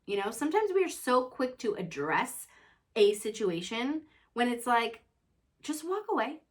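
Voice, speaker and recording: A woman's voice: a little high, very animated, moderate pace. A woman hosting a casual chat about motherhood, talking in an earnest, self-reflective way and often checking in with "you know.". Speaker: mother and show host.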